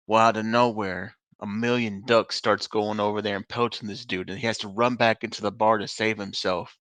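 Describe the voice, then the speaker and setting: A man's voice: lowish voice, little pitch movement, normal speed, pushed and bright, no room sound. A man co-hosting a casual podcast, laughing often and telling jokes in funny voices. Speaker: podcast co-host. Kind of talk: casual chat.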